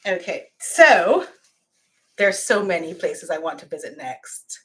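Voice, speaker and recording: A woman's voice: fairly low pitch, sing-song, slow, a bit bright. A young woman from Barbados with a Barbadian accent, chatting effusively on a live stream and laughing often. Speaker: YouTuber hosting a live stream. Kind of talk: casual live-stream chat. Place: at home, camera set far off.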